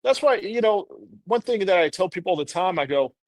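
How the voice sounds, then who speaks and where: A man's voice: high voice, expressive, fairly quick, dry recording. A man in his thirties, a podcast guest, telling a candid personal story in an earnest, rambling way full of "you know".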